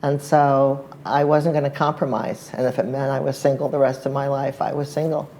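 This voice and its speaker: A woman in her sixties recalling her marriage in casual chat, earnest and quick to laugh. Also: a bass voice, flat delivery, warm tone, slight background noise, rough recording.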